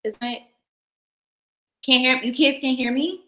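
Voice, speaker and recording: Woman, young adult, live stream host, bright voice, casual chat, reading stories aloud. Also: sits high, fairly even intonation, a little slow. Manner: casual, laughing asides to chat.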